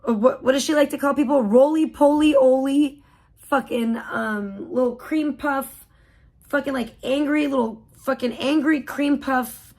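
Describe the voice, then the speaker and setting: Female streamer, high-pitched, crude mocking roast-style live commentary. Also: gravelly, darkish tone. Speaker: livestream host.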